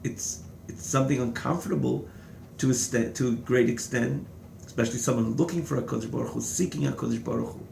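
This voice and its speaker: Gravelly guy teaching torah text, reads a bit then explains it over and over, echoey room. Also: mid-range voice, brisk, a little mellow, slight background noise. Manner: reads a phrase, then translates and restates it with synonyms. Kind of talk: text-study lecture.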